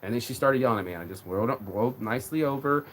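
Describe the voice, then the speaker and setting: A male livestreamer goes off on a casual rant, rambling and emotional, swearing a lot and repeating himself. His medium-pitched voice is expressive and very fast, with slight background noise.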